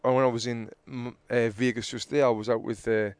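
Animated man telling stories. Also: medium pitch, a little fast, clear, resonant tone, dry recording. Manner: animated storyteller who acts out arguments loudly. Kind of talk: casual chat, storytelling.

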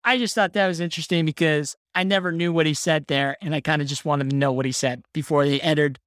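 A woman co-hosting a casual podcast chat, excitable, laughing often and saying "like" a lot. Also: sits low, fast talker, dry recording, clean studio sound. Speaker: podcast co-host. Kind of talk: casual chat about a film.

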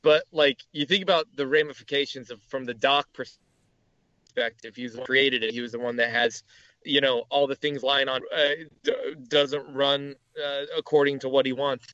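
A man's voice: mid-range voice, fairly even intonation, normal speed, pushed and bright, dry recording. Rambling man on a muffled mic. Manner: rambling, many restarts and fillers. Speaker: podcast co-host. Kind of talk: casual chat about movies.

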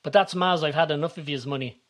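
Brief: young lad in trouble, shaken and quiet, read by a man. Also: fairly high pitch, fast talker, natural voice.

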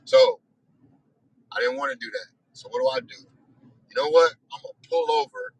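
A man's voice: very high-pitched, huge pitch swings, moderate pace, gravelly, low-quality recording. A man hosting a weekly discussion, telling a story in a casual monologue with exasperated, profane and self-reflective talk.

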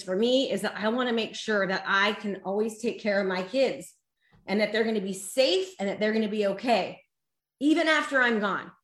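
A woman's voice: medium pitch, reverberant. A woman giving a live online motivational talk as a coach, emphatic and exhorting her viewers, tearful at times. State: emotional, tearful.

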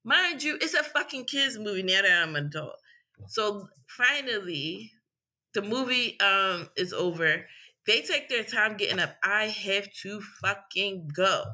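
A woman in casual chat, telling an animated, profane story. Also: mid-range voice, unhurried. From Philadelphia.

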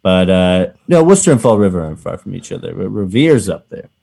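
A man's voice: sits low, big pitch swings, fast talker, vocal fry, dark tone, slightly rough. A man from Massachusetts hosting a casual cannabis talk show, talking loosely with many fillers and restarts. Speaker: podcast host. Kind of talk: casual chat.

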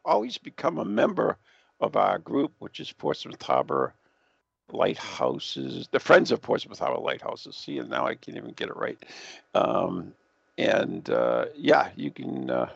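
Gravelly, husky male host, lively pitch, dry lo-fi sound. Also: dry recording. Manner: chatty, lively and affirming. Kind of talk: casual radio chat. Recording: dry, dull lo-fi recording.

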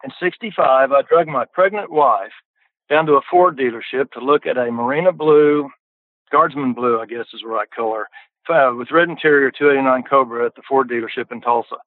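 A man's voice: mid-range voice, brisk, no room sound. Older man on a tinny phone line. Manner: folksy, repeats words when starting sentences. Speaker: podcast guest. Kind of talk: casual storytelling.

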